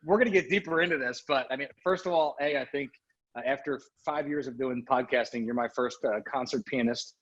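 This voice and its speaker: A man's voice: medium pitch, a little fast, fairly bright tone, highs cut off. A man hosting a podcast, asking questions in a casual way with plenty of fillers. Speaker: podcast host. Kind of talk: interview.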